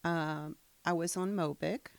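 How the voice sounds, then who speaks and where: Gravelly low-voiced older woman. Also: fairly even intonation, a little slow, no room sound. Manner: hesitant, with fillers and small laughs. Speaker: patient giving a testimony. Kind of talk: casual interview answers.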